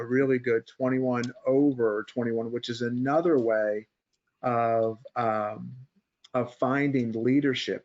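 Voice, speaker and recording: A man hosts a loose chat about stock charts, thinking out loud and turning to his co-hosts for input. His voice sits at a middle pitch. The sound is a little dull and muffled. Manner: rambling, thinks aloud, asks co-hosts for input. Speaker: host of a markets podcast.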